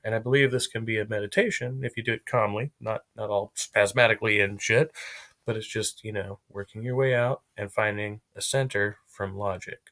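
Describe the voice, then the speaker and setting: A man live-streaming, chatting casually in a rambling way and swearing freely. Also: on the low side.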